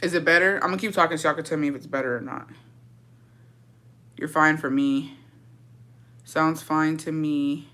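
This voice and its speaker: A young woman live-streaming from her phone with headphones, telling a blunt, profane and animated story in casual storytime. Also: sits low, moderate pace, pauses often.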